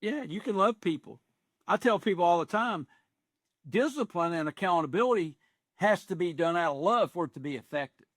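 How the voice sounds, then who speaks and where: A man in his sixties with a somewhat high voice tells stories in a plain, earnest way, full of folksy turns of phrase. The sound is dry and close, with no room echo. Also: lively intonation, fairly quick, a bit bright. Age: 60s. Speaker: executive coach. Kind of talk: podcast interview.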